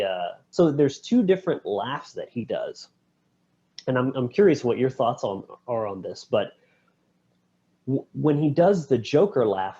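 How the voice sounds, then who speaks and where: A man co-hosting a podcast, retelling film scenes in an animated way with quick voice impressions. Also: medium pitch, slightly rough. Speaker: podcast co-host. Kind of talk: casual film discussion. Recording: dull, lo-fi podcast audio.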